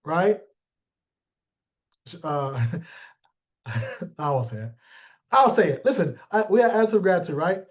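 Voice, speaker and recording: A man's voice: high-pitched, very animated, moderate pace, long pauses, lo-fi sound. A man coaching his sales team in a live motivational talk, blunt and joking, calling on listeners by name and acting out little exchanges.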